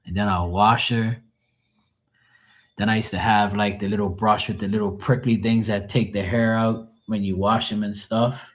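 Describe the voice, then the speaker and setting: Low-voiced man rambling on a live stream. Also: fairly even intonation, normal speed. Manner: rambling, profane, joking. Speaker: live tarot reader and streamer. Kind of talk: casual live-stream chat.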